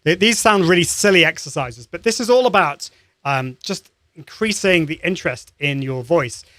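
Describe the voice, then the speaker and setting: A man hosting a live-streamed lesson, coaching voice warm-ups in an upbeat, encouraging way with many restarts. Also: fairly high pitch, animated, normal speed, no room sound, clean studio sound. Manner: upbeat and encouraging, demonstrates sounds; conversational with frequent restarts.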